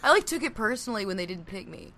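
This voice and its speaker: A woman's voice: medium pitch, sing-song, quick pace, crowd noise. A woman co-hosting a podcast, chatting playfully and laughing often. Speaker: podcast co-host. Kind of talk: casual chat.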